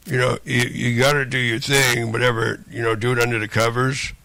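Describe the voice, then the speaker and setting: A man's voice: mid-range voice, little pitch movement, a little fast, vocal fry, sharp tone, no room sound. A man delivering a rambling, profane monologue, looping back and repeating phrases over and over. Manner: profane, repetitive, rambling rant.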